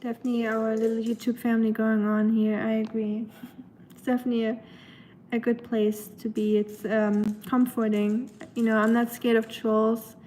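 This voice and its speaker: A woman's voice: fairly high pitch, level tone, normal speed, a little mellow, slight background noise, poor audio. A young adult woman with a Southern American accent and a nasal voice, chatting casually on a livestream from home. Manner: chatty, talks to her dog in a sing-song baby voice. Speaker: livestream host. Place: home kitchen.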